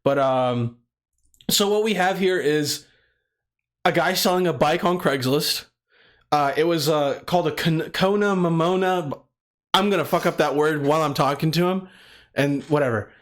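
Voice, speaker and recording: A man's voice: fairly high pitch, normal speed, a bit bright. A man co-hosting a casual podcast, talking in a rambling way and swearing casually. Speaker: podcast co-host. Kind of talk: casual chat.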